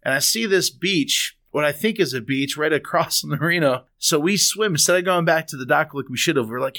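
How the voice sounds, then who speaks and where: Animated storytelling man, bright voice. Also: fairly high pitch, a little fast, hardly any pauses. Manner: animated, laughs while telling a story. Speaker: podcast host. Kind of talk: casual podcast storytelling.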